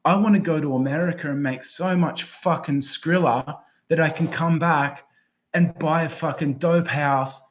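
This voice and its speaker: A man, a podcast guest in casual chat, who swears constantly and rambles excitedly from one thought to the next. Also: fairly high pitch. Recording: slightly dull lo-fi sound.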